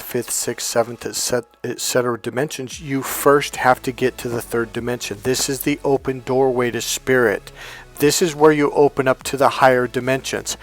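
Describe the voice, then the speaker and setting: A middle-aged man coaching in a spontaneous, emphatic monologue, acting out the dialogue in his stories. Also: mid-range voice. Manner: emphatic, storytelling, acts out quoted dialogue. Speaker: self-help coach.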